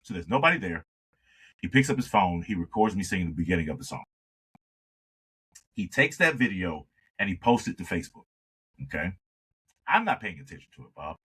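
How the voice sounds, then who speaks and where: A man, a singer telling an animated story in a conversation and acting out the dialogue. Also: low-pitched, brisk, long pauses, slightly rough, low-quality recording. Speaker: singer, interview guest.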